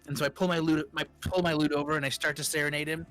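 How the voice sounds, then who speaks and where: A man playing a tabletop game, describing his character's actions in a rambling, halting way. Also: on the high side, little pitch movement, fairly bright tone, faint music behind. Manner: rambling, halting, many restarts. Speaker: player. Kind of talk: casual tabletop game chat.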